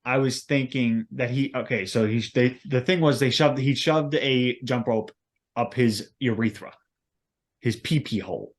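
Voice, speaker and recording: A man's voice: mid-range voice, measured pace. A man co-hosting a podcast in casual chat, rambling and hesitant, filling gaps with "like". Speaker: podcast co-host.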